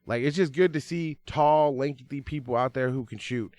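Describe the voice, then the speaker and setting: A man co-hosting a sports podcast, chatting casually in an excitable, slangy way with big swings in his voice. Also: medium pitch, moderate pace. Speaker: podcast co-host.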